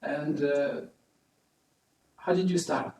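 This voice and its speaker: A man's voice: a little high, steady tone, takes it slowly, darkish tone, slight background noise. A man from Brittany with a slight French accent, interviewing in English and mostly giving brief encouraging prompts. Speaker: interviewer, harpist. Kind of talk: casual interview talk. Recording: echoey room, mic at a distance.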